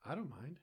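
A man co-hosting a podcast in casual chat, often trailing off and restarting his sentences. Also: a little mellow. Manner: hesitant, trailing off mid-sentence. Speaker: podcast co-host.

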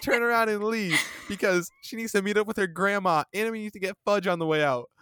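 A man mimicking a shrill bratty teen girl. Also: brisk, clear, resonant tone, no echo, clean studio sound. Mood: shrill, demanding. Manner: shrill yelling, bossy. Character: loud bratty teenage girl, demanding.

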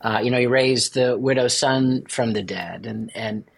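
On the faith podcast, the male priest co-host talks at a moderate pace with a husky voice and vocal fry. Casual and playful, he jokes along and tosses in sudden high-pitched asides.

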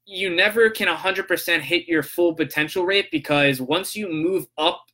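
A man's voice: high-pitched, moderate pace, pushed and bright. A young man hosting a podcast, casually telling a story and acting out both sides of a phone call. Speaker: podcast host.

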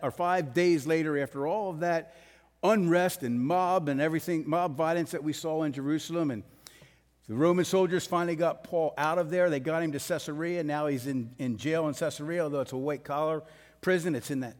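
Male pastor, slightly high-pitched, emphatic sermon delivery, church hall reverb. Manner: blunt, emphatic, rising to forceful peaks.

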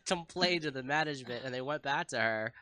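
A man's voice: mid-range voice, brisk, pushed and bright, no room sound, clean studio sound. Laughing man telling stories. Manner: storytelling, laughing often. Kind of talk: casual chat.

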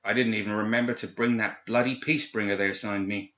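A man's voice: lowish voice, steady tone, brisk, fairly bright tone, close to an everyday voice. A man doing a stern formal English officer. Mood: commanding. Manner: formal, severe and commanding. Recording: echoey, slightly dull recording.

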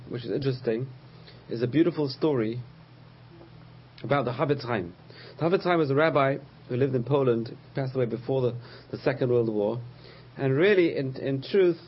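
A man teaching a religious lesson, patiently explaining terms, repeating key words and pausing with frequent uh's. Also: mid-range voice, highs cut off. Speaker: Torah teacher.

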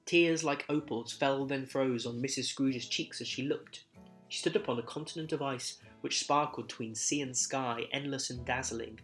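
A man narrating a Christmas story in verse with a measured, rhythmic delivery. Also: medium pitch, steady tone, fairly bright tone, faint music behind.

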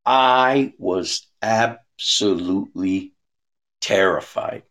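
A man's voice: low voice, extremely slow, fairly bright tone. A man giving an earnest, conversational sermon, telling a personal story and often checking in with his listeners. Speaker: speaker giving a devotional talk.

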